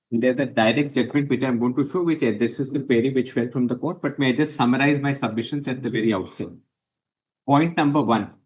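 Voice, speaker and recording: A man arguing a case before a court, formal and deferential, setting out numbered points and addressing the bench as my lord. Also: mid-range voice.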